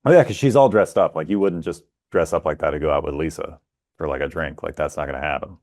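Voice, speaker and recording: A podcast co-host talking casually about a film in a laid-back way, laughing often. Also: male voice, a bass voice, fast talker, darkish tone. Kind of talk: casual movie discussion.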